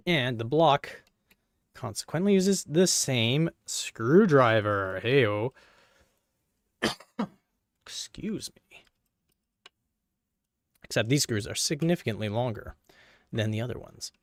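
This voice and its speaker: Man, mid-pitched, playful self-talking commentary, dry close sound. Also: lively intonation, unhurried, no room sound. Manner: playful, jokey, talks to himself and viewers. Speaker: PC hardware video creator. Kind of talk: casual running commentary while working.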